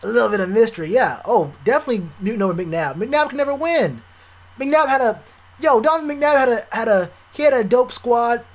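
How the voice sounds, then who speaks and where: A young man streaming live, chatting casually with viewers, animated and repetitive, full of slang. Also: very high voice, fairly quick. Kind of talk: live stream reaction chat.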